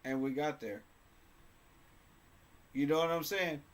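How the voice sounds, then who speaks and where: A man's voice: fairly high pitch, slow. Passionate, emphatic male sports fan. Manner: passionate, emphatic, repeats phrases for effect. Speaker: sports fan channel host. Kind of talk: casual fan commentary to camera.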